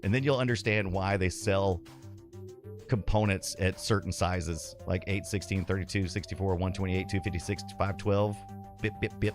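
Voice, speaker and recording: A man's voice: low-pitched, steady tone, normal speed, music in the background. A man hosting a casual livestream, chatting with viewers, laughing often and reading their comments aloud. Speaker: livestream host.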